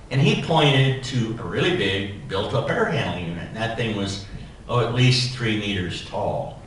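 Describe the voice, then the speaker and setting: A man giving a keynote speech as a society president, telling a personal anecdote in an animated, humorous way. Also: on the low side, moderate pace, a little hiss or hum. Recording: echoey hall, voice from far off.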